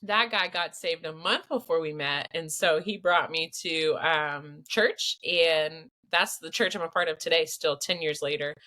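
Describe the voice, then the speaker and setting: A young woman hosting a podcast, chatting in an expressive, storytelling way. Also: sits low, a little slow, hardly any pauses. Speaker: podcast host. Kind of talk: casual chat.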